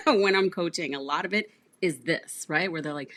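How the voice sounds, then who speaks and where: Low husky-voiced woman coach. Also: fairly quick, fairly bright tone. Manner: storytelling, acts out client dialogue, laughs often. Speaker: business coach, livestream host. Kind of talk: casual livestream chat.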